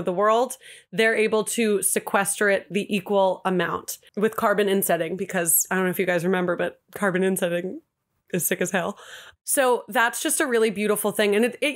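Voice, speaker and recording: Gushing, giggly woman podcast host. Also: fairly bright tone. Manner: gushing, giggly and emotional, swoops up in pitch. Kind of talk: casual sponsored podcast monologue.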